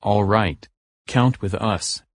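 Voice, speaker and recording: A man's voice: on the low side, takes it slowly, no room sound, clean studio sound. A man hosting a children's show, explaining things step by step to young viewers in an upbeat way.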